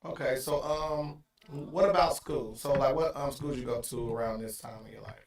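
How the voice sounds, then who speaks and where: A man's voice: medium pitch, steady tone, moderate pace, gravelly. A man hosting a podcast, asking casual, slangy questions in a laid-back way. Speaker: podcast host. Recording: echoey room.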